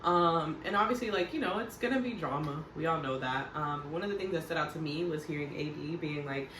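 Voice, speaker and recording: A woman's voice: sits low, a little fast, recorded from a distance. A woman casually recapping a reality TV show in a chatty, slangy, blunt way. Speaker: TV recap vlogger. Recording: roomy echo, voice off-mic, faint background hum.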